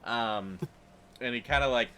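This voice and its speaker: A man running a tabletop role-playing game as game master, narrating in a relaxed, rambling way with fillers and chuckles. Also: medium pitch, unhurried, very noisy.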